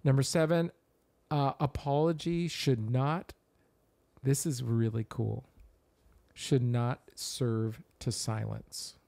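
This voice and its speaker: A man's voice: medium pitch, fairly even intonation, takes it slowly, gravelly, warm tone. A middle-aged man co-hosting a casual podcast, walking through a numbered list and explaining each point. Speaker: podcast co-host.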